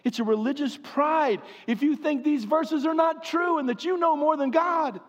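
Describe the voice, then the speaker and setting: A man preaching a sermon with passion, swinging from loud pleading to hushed, quiet stretches. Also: very high-pitched, moderate pace. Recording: long hall reverb.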